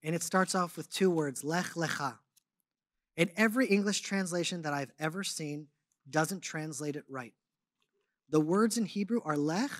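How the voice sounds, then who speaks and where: A man speaking to a congregation, telling a personal story and teaching, swinging between loud animated stretches and hushed ones. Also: sits high, dry recording, studio quality. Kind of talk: testimony and sermon.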